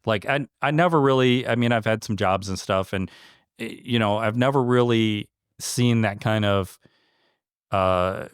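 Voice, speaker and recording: A man's voice: on the low side, measured pace, clear, resonant tone, no room sound, studio quality. A man who owns a small business, speaking in a casual interview, earnest and heartfelt, with many fillers and restarts. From Michigan. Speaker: franchise owner, interview guest.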